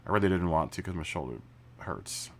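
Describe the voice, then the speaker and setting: A man's voice: low-pitched, expressive, a little fast, a little hiss or hum. Laid-back man streaming a racing game. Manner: chatty, laughs often, stammers and restarts. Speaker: live streamer. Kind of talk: casual chat while gaming. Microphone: studio mic through mixer.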